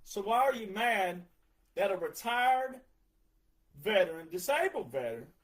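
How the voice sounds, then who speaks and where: A forty-something man with a drawl and a notably high voice, ranting in a heated, sarcastic monologue. He mocks his critics in put-on voices between angry outbursts. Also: very animated, a little slow, slight background noise, low-quality recording. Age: 40s. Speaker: retired veteran ranting about country music.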